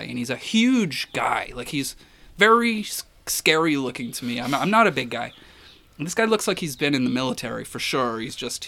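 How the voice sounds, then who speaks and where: A man's voice: medium pitch, gravelly, pushed and bright. Rambling male photographer telling a story. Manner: rambling, many restarts and fillers. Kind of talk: casual storytelling.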